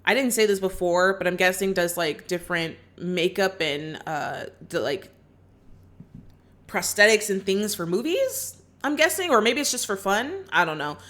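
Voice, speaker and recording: A woman's voice: mid-range voice, animated, moderate pace, a bit bright. A woman casually recapping a film plot in a chatty way, full of asides and fillers. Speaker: film reaction reviewer.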